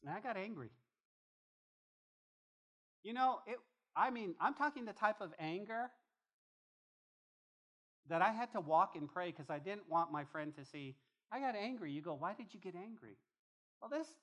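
A man preaching a sermon as pastor, emphatic and animated, often repeating phrases as he drives a point home. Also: high-pitched, moderate pace, pauses often. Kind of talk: expository sermon.

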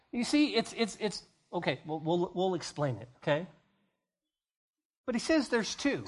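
In a sing-song, fairly high-pitched voice, a male pastor preaches a sermon. He acts out scenes as rapid dialogue and repeats key phrases to drive them home.

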